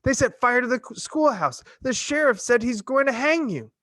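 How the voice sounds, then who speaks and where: A man's voice: very high voice, lively intonation, moderate pace, sharp tone, no room sound, voice pushed up, exaggerated voice. A man voicing a young woman schoolteacher, pleading urgently and out of breath, in an audiobook reading. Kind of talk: audiobook character voice.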